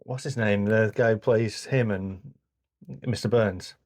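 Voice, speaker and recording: A man co-hosting a podcast in casual chat, animated, with many fillers, acting out quotes. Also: lowish voice, measured pace. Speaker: podcast co-host.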